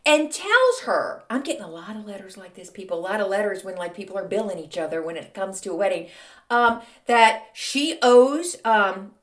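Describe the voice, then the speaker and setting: This podcast host relates a story in a mid-range voice, animated and at a moderate pace. She keeps it casual and chatty, sprinkling in plenty of fillers such as "um" and "like."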